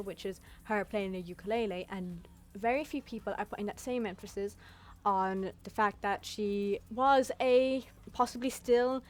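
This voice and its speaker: A young woman giving casual, blunt commentary in a chatty vlog style, swearing freely. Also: mid-range voice. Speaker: YouTube commentator.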